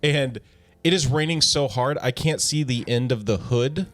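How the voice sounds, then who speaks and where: A man on a casual podcast, telling a story in an animated way and often calling people "dude". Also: medium pitch, normal speed, faint music behind. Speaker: podcast co-host.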